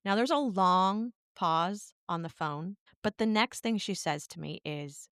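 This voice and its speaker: A woman with a smooth, clear voice tells a personal story on a podcast, candid and animated as she goes. Her voice sits at a middle pitch and sounds dry, with little room in it. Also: measured pace, hardly any pauses, no echo. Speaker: podcast co-host.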